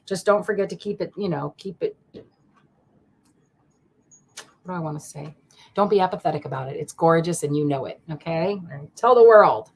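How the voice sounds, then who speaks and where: A woman's voice: deep voice, moderate pace, long pauses, slightly rough. A woman giving live tarot readings to viewers, affectionate and rambling, often laughing and getting emotional. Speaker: tarot card reader. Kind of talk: live-stream card reading.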